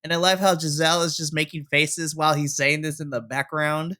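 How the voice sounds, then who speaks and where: A podcast co-host giving a casual, animated recap of a wrestling episode and laughing often. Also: medium pitch, fairly quick. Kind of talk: casual wrestling review chat.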